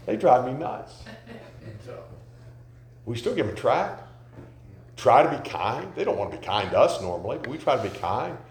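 A man preaching a sermon, telling folksy stories and rising to loud, emphatic questions. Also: mid-range voice, sing-song, moderate pace, long pauses. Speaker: pastor. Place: church sanctuary. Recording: echoey church sanctuary.

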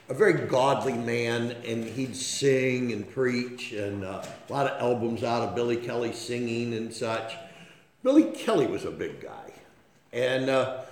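This man preaches a sermon in a medium-pitched, somewhat dark voice, with reverb and a slight hiss or hum on the recording. His style is folksy, full of homespun stories, and he keeps checking in with listeners by asking "okay?"

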